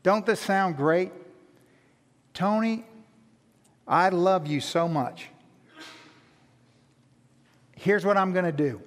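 A pastor voicing God, fond and casual. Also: male voice, high-pitched, slow pace, pauses often, long reverb tail, voice pushed down. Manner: casual, affectionate, playful. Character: God, a fond male deity speaking as a friend.

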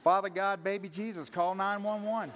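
A man's voice: high-pitched, steady tone, moderate pace, a bit bright, a little hiss or hum. Man putting on a panicked pleading man. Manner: frantic, pleading. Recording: echoey hall reverb.

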